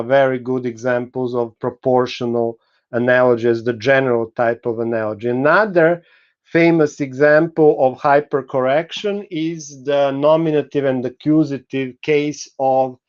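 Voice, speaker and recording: Slow, halting male lecturer. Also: medium pitch, clear, resonant tone, lo-fi sound. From Serbia. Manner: patient, explanatory, halting with frequent fillers. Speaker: university lecturer. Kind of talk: recorded university lecture.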